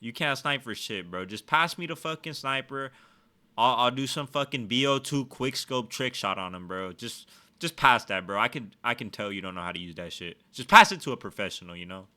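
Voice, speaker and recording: A man giving casual let's-play commentary, swearing a lot and trash-talking with excitable energy. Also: medium pitch, moderate pace. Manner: profane, excitable trash talk. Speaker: gaming streamer.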